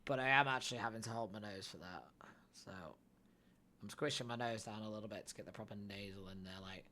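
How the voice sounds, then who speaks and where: A man's voice: lowish voice, steady tone, fast talker, bright, forceful tone, a little hiss or hum. A young man streaming live, chatting casually and thinking aloud while building a character.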